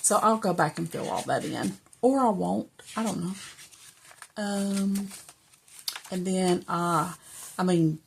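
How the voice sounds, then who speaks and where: Slow, gravelly woman journaling. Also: fairly low pitch, a little hiss or hum. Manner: rambling, soft-spoken, drifts into whispers. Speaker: journaling vlogger. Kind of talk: casual journal-with-me chat.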